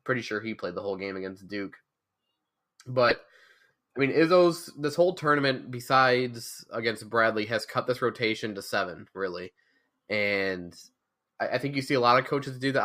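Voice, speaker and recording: A man's voice: lowish voice, a little fast, pushed and bright. A man co-hosting a sports podcast, chatting casually and rambling through a fan's basketball breakdown with some sarcasm. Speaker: podcast co-host.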